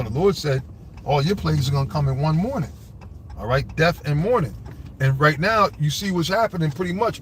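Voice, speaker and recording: A fiery preacher with a fairly high voice rails outdoors, with faint traffic behind him. He drags out scripture word by word, then climbs higher and louder as his anger builds, swearing and checking in with "all right?". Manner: fervent, profane, rambling, keeps asking "all right?"; reads scripture slowly, then rises in pitch when agitated. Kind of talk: fiery street-style scripture commentary.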